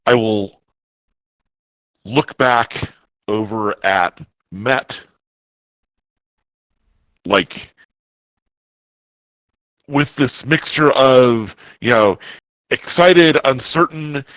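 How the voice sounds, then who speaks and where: A man in a tabletop game describes what his character does. He talks slowly and draws out his phrases. The sound is dry, with no room echo. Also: medium pitch, a bit bright. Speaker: player.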